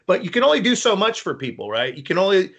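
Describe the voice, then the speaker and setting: A man hosting a live stream, chatting casually and telling rambling, animated stories. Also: high voice, fast talker, vocal fry. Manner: rambling, animated storytelling with quoted voices. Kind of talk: casual chat.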